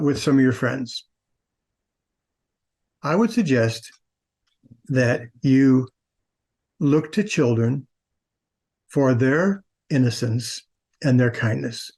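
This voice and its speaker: A man's voice: mid-range voice, a little mellow. A man hosting a talk show, telling and reading stories aloud in a conversational manner with frequent restarts. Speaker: podcast host. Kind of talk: casual storytelling, reading aloud.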